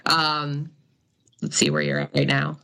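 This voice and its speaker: A woman's voice: deep voice, flat delivery, measured pace, creaky, pushed and bright. A woman narrating as game master in a tabletop role-playing game, loose and full of fillers.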